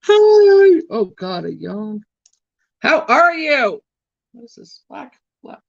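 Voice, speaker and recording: A woman's voice: sits high, big pitch swings, slow pace, creaky, no room sound. A sleepy woman chatting casually with live viewers while doing her makeup, teasing them playfully and yawning often. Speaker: livestream host doing makeup. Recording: dull, lo-fi and dry.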